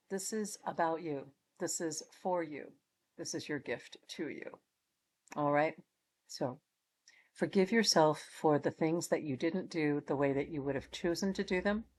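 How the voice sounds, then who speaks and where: A middle-aged woman closing an oracle card reading from home, speaking in gentle, affirming, repetitive blessings. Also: low-pitched. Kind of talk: spiritual channel closing talk.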